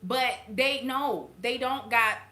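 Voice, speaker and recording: A woman's voice: a little high, takes it slowly, bright, forceful tone, echoey room. A woman hosting her channel and giving a casual spiritual reading to viewers, talking bluntly and swearing freely between laughs. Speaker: intuitive reader and channel host.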